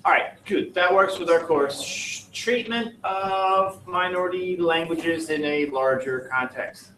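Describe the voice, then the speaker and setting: A male teacher goes through a student project aloud, mixing plain feedback with dry, joking asides. His voice sits a little high, and it carries from a distance in a roomy, echoing classroom with a faint hum of ambience. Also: measured pace, fairly bright tone. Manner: wry, joking asides while reading aloud. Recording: echoey classroom, distant mic.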